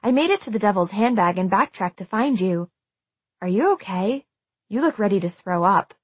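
Brief: woman reader doing a protective young girlfriend, soft and soothing, mid-range voice, dry and close. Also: medium pitch, lively intonation, moderate pace, breathy edge, dry recording. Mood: concerned.

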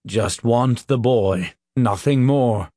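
A hardened captain speaks loud and firm, calling out commands, as a male narrator puts him on. His delivery is slow and deliberate. The recording is dry and close. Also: mid-range voice, dry recording. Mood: commanding.

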